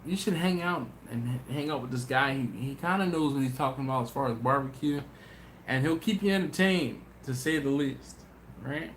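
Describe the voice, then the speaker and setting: Tired man telling animated stories. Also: mid-range voice, normal speed. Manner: animated storytelling, voices his friends. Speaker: BBQ channel host. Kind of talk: casual livestream chat. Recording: echoey room with faint noise.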